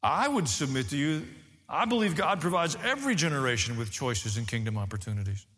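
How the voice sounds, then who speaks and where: Animated male preacher in a reverberant hall. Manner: animated preaching, rising and falling in pitch. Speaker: pastor. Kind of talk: sermon.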